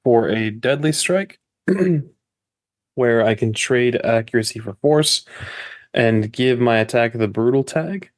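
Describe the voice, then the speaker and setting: A man's voice: medium pitch, takes it slowly. A man playing a tabletop game, explaining his attack and talking to himself while rolling dice. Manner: casual, chatty self-talk while rolling dice. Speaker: player.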